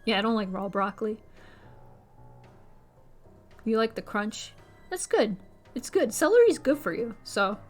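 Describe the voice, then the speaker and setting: A young woman chats informally with her stream's viewers, rambling between thoughts. She shifts into a squeaky high voice whenever she quotes someone.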